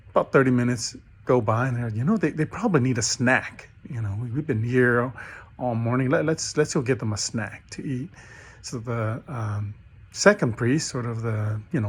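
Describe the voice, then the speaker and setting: A man's voice: mid-range voice, breathy edge. A middle-aged man recording a graduation message at home. He tells a parable in a casual way, acts out the characters' quoted lines, and often starts over with fillers and repeated words. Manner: storytelling with animated quoted voices. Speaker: graduation speaker.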